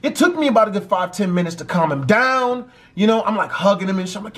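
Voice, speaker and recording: High-voiced male vlogger, animated storyteller, swears constantly. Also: fast talker, hardly any pauses. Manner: animated, heavy cursing. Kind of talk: storytime vlog.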